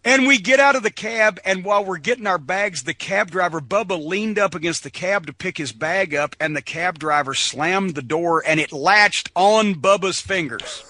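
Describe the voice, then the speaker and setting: A middle-aged man telling rowdy, profane stories as a podcast guest, animated and laughing often. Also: high voice, normal speed, hardly any pauses. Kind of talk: casual storytelling.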